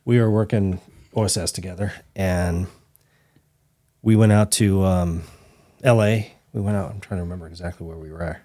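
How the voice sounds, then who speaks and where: A man's voice: low-pitched, fairly even intonation, normal speed, mellow. A man who hosts a podcast chats casually with his guest, laughing along and dropping short jokes before telling his own story from his time as a deputy. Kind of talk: casual chat.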